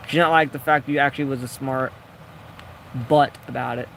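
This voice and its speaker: A man's voice: medium pitch, steady tone, brisk, gravelly, fairly bright tone, slight background noise. A man casually telling a rambling, jokey story while building in a game, acting out the people he quotes. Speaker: gaming video creator.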